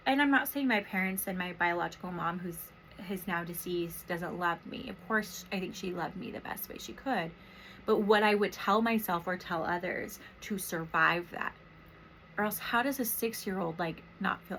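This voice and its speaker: A woman in her thirties, a therapist and podcast host from Washington State, speaking softly and emotionally in a rambling, reflective personal monologue. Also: medium pitch, slight background noise, poor audio. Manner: soft, emotional, rambling with many fillers.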